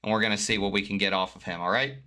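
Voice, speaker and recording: Bright-voiced man interviewing on stream. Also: on the low side, steady tone, rapid-fire. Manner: friendly, laughs easily, chatty. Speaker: league commentator and interviewer. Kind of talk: casual post-game interview on stream. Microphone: voice chat mic.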